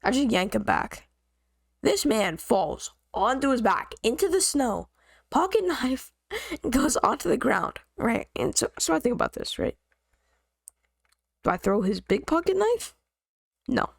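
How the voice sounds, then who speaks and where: A woman vlogger telling a story in a slangy, joking, animated way. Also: fairly high pitch, measured pace, vocal fry, long pauses, breathy edge, no room sound. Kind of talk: casual storytime.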